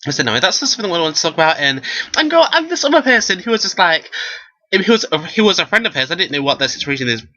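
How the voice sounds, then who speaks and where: Sassy young british guy vlogging, bright higher voice, dull lo-fi webcam sound. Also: fast. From Britain. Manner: sassy, animated, quotes others in mock voices. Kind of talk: casual vlog monologue.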